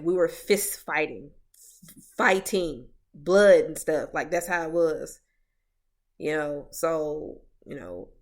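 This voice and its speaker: A young woman with a slightly low voice talks bluntly in a casual podcast chat. She's emphatic and swears freely, and her voice often drops soft before rising into a punchy point. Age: young adult. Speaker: podcast co-host.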